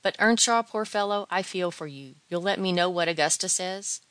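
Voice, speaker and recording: A woman reading aloud, voicing a timid, fussy gentleman who gives solemn advice in a mournfully comic tone. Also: lowish voice, normal speed, smooth, no room sound, lightly acted. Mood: anxious. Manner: solemn, lamenting, earnest advice.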